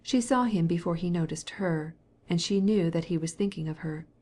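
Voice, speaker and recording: A woman narrating a classic novel as an audiobook, in a measured, soft-spoken reading. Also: lowish voice. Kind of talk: scripted narration.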